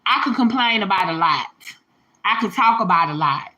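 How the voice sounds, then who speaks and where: A woman, hosting a livestream and telling stories in an animated way, laughing, swearing and calling her viewers y'all and baby. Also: mid-range voice, normal speed, highs cut off. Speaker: livestream host. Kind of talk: casual storytelling to viewers. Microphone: phone or webcam livestream.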